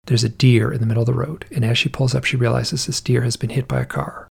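A man tells a story in a casual, rambling, animated way, full of vivid detail. His voice is gravelly with a husky edge, and he often stops to restart his sentences. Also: medium pitch, quick pace.

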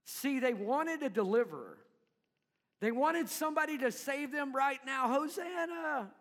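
A man preaching a sermon in an animated way, acting out crowd voices and dropping to quiet low tones. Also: normal speed. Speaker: pastor. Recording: long reverb in a hall.

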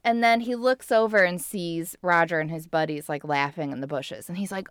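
A woman's voice: deep voice, moderate pace, clean tone, no room sound, studio quality. A woman in her thirties co-hosting a casual podcast, retelling a cartoon episode and acting out the characters' lines. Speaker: podcast co-host.

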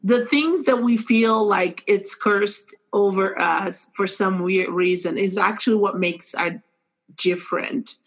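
Woman, non-native english accent, animated storytelling, casual podcast chat, mid pitch. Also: slow, low-quality recording. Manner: animated storytelling, warm and earnest. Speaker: podcast co-host.

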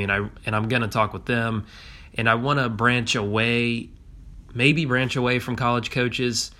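A man hosts a solo podcast, his voice thick and congested from illness. His tone is bright and forward, sitting a little low in pitch. He rambles casually, restarting phrases and leaning on fillers as he thinks aloud. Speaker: podcast host.

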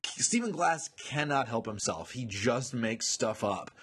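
A man co-hosting a podcast in casual chat, animated and laughing often. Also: medium pitch, measured pace, husky. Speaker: podcast co-host.

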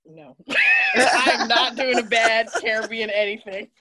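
A woman's voice: fairly high pitch, steady tone, slow pace, a crowd in the background. A woman guest on a casual panel chat, telling stories animatedly and laughing often. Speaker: cosplayer guest.

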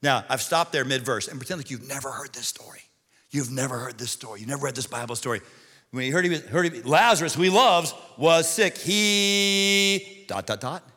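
A male pastor telling a funny story in a sermon, animated and comic, sometimes shouting the punchlines. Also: mid-range voice, a little fast. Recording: long reverb of a large hall.

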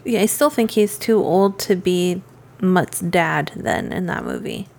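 A woman's voice: lowish voice, expressive, unhurried, gravelly, a little mellow. A woman co-hosting a casual movie podcast, asking questions and adding dry remarks between her "um"s. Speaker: podcast co-host.

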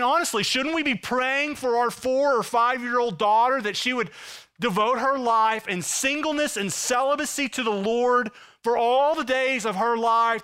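A man in his thirties preaching a sermon as pastor, impassioned, swinging from loud emphasis to hushed intensity. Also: very high voice, clear, resonant tone.

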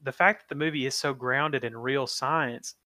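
A man's voice: medium pitch, steady tone, normal speed, bright, forceful tone, dry recording. A man co-hosting a casual film review podcast, talking in a thoughtful, hedging way with lots of "you know" and "like". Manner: thoughtful, hedging, with many fillers. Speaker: podcast co-host.

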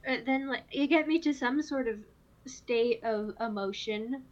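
A woman's voice: on the high side, unhurried, dull audio. A woman co-hosting a podcast, chatting in a playful, joking, hyperbolic way. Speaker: podcast co-host. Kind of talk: casual chat.

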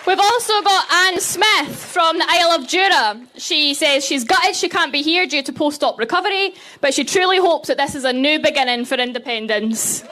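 Bright high-voiced woman announcing speakers. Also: lively intonation, moderate pace, hardly any pauses, a little hiss or hum. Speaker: rally host. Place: outdoor rally.

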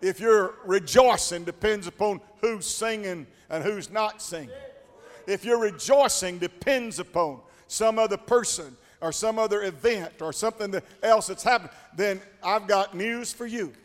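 A male preacher delivering a rhythmic call-and-response sermon that builds into shouts. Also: high-pitched, moderate pace. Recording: long church hall reverb with faint congregation.

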